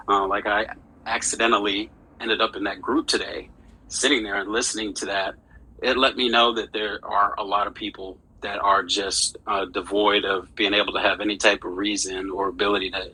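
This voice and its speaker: A man speaking in an online audio space, steady and reflective. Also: on the low side, breathy edge, rough recording.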